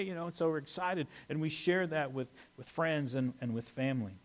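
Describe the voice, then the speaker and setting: A pastor preaching a conversational sermon, animated with playful asides. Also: male voice, mid-range voice, fairly quick, few pauses.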